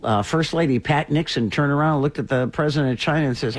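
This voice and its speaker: A man's voice: a little high, fast talker. A man hosting a radio talk show, chatting casually and telling stories with animation. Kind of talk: casual chat.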